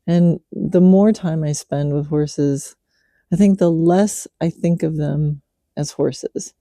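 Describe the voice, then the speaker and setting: A middle-aged woman, a horse trainer, chatting in a relaxed way while she works her horse at night and coaxes him with gentle praise. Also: low-pitched, slow, no echo, studio quality. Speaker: podcast host, horse trainer. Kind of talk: casual spoken reflection while working a horse.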